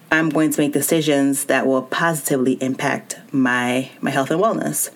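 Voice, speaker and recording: A woman's voice: low-pitched, normal speed. A woman hosting a solo wellness podcast, talking straight to her listeners in an encouraging way. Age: adult with child and spouse. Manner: warm encouraging, speaks directly to listener. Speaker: podcast host.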